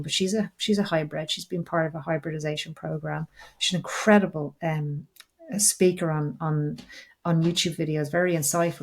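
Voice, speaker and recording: Low gravelly woman, earnest storyteller. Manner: earnest, animated storytelling, acts out dialogue. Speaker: podcast host, regression practitioner. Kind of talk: conversational interview.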